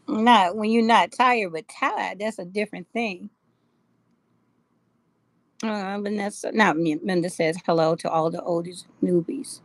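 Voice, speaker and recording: A woman's voice: medium pitch, fairly even intonation, measured pace, long pauses, dry recording. A middle-aged woman, chatting casually with viewers on a live stream, greeting them by name and laughing often. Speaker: live-stream host of a jewelry shop.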